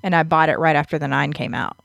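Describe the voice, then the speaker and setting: Blunt, lower-voiced woman in casual chat. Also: quick pace, vocal fry, a bit bright, no room sound, lo-fi sound. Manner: blunt and profane, laughs often. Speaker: podcast co-host.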